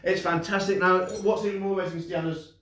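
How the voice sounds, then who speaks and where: A young man with a high, fairly bright voice talks fast and with little pitch movement as he performs a live-streamed magic show for kids from an indoor room. He's a children's entertainer and magician, chatty and upbeat, poking fun at himself with lots of fillers and restarts. The room is very echoey and he sits far from the mic.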